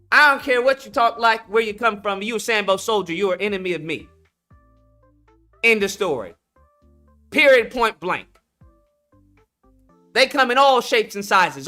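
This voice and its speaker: Man, bright voice, blunt, emphatic, slangy, faint music behind. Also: high voice. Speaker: livestream host. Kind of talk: casual commentary with callers.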